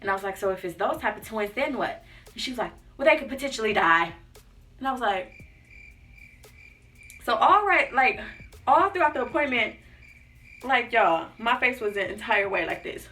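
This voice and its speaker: A woman's voice: a little high, animated, normal speed, pauses often, pushed and bright, distant mic. A young woman vlogger telling a personal story in a casual, chatty way, acting out what people said and often saying "like" and "y'all". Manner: chatty, acts out quotes, says "like" and "y'all" often. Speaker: lifestyle vlogger. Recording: voice a bit off-mic with faint music behind.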